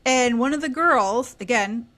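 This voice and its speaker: A woman in her thirties tells a story as a podcast guest, talking casually. She is animated, and now and then she drops into quieter asides. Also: a little high, unhurried.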